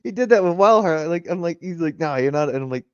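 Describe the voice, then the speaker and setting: A man's voice: sits high, expressive, quick pace, a little mellow, clear, resonant tone, no room sound. Guy rambling on his livestream, cussing and laughing, bouncy voice, dry kinda muffled audio. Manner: loose, profane, laughing often; retells arguments in quoted voices. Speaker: livestream host. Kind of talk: casual livestream chat.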